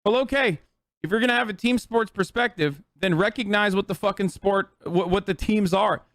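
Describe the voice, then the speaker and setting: A man's voice: high-pitched, normal speed, a bit bright, no echo, studio quality. A man in his thirties streaming, ranting heatedly about politics to his chat, emphatic, profane and repetitive.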